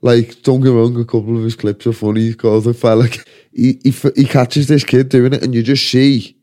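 A man's voice: medium pitch, level tone, fairly quick, mellow. A man with a Scouse accent, hosting a casual comedy podcast, ranting and swearing as he rambles. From Liverpool, England. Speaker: podcast host. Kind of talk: casual chat.

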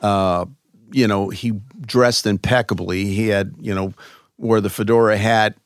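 Lively man telling stories, low voice. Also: measured pace, clean tone, no room sound, clean studio sound. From Chicago. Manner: animated, lots of "you know" fillers. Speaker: guest. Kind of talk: conversational interview storytelling.

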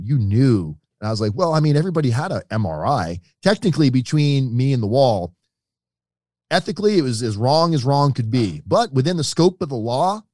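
A man's voice: mid-range voice, no echo, clean studio sound. A middle-aged man, a podcast guest telling his own story and acting out the voices of the people in it. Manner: animated storyteller, acts out quoted voices. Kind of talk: storytelling in an interview.

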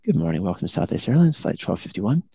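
A suave airline captain making a calm announcement, as a man puts him on. The voice drops low and quiet, unhurried and smooth. Heard through dull, lo-fi call audio. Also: heavily acted.

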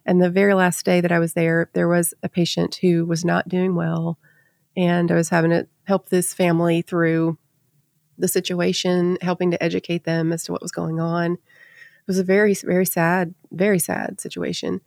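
A woman co-hosting a nursing podcast, telling a candid story in casual chat and halting at the emotional parts. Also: fairly low pitch, level tone, gravelly, a little mellow, no echo, studio quality. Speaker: nurse podcast co-host.

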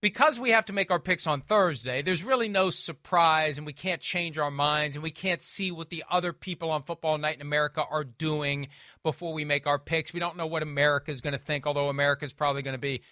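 A man with a high, bright voice runs through football picks with wry, emphatic humor. He talks casually and punches his verdicts, and the dry close sound leaves no room echo. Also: fairly quick. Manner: wry, emphatic, playful trash talk. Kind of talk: casual sports picks chat.

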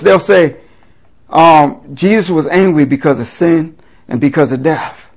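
A male pastor with a slightly high voice reads scripture aloud and explains it in a conversational teaching sermon, often tossing in a quick rhetorical question to check in. The recording quality is low.

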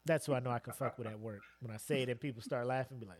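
A man's voice: medium pitch, very fast, few pauses. A man co-hosting a casual podcast, joking, swearing freely and laughing often. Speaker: podcast co-host.

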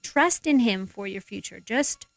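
A woman guest on a faith radio show, speaking in an animated way, with big swings in pitch as she acts out what people say. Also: a little slow, gravelly, dry recording. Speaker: parent. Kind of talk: faith-based radio talk.

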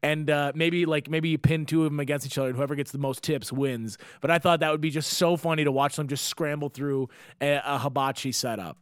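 A man hosting a casual podcast, talking in a rambling, jokey way with quick asides. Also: on the high side, fairly even intonation, clean tone, dry recording. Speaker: podcast host.

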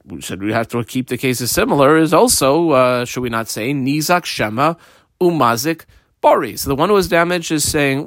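A man's voice: medium pitch, animated, normal speed, fairly bright tone, no echo, studio quality. A man teaching a daily Talmud lesson, explaining the text step by step with frequent fillers.

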